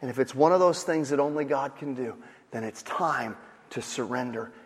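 A man's voice: medium pitch, normal speed, husky. A man preaching a sermon as pastor, dynamic, acting out panicked voices of others. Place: church sanctuary. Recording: long hall reverb.

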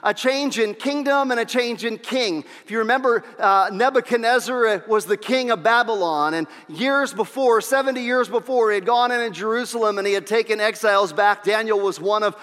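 A man's voice: sits high, moderate pace, hardly any pauses, a bit bright, big-room sound. A man preaching a sermon as pastor, telling stories and repeating key lines for emphasis. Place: church.

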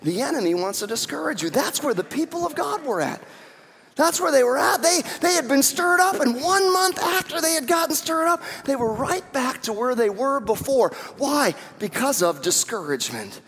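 A man preaching a sermon as pastor, conversational and animated, asking the congregation rhetorical questions. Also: very high-pitched, moderate pace. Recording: reverberant hall.

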